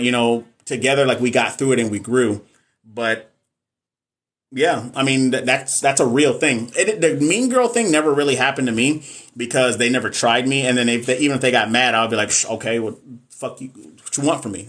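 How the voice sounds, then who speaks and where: A man's voice: mid-range voice, fairly bright tone. A man, chatting casually on a live stream into a phone, joking and swearing as he answers viewers' questions. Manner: loose and joking, slangy, swears freely, talks straight to viewers. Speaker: nurse and NCLEX coach hosting a live stream.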